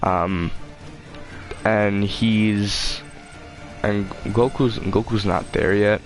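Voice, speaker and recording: A man's voice: on the low side, steady tone, drawn-out words, faint music behind. A man hosting his own channel, rambling casually and swearing freely as he loses his train of thought. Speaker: channel host.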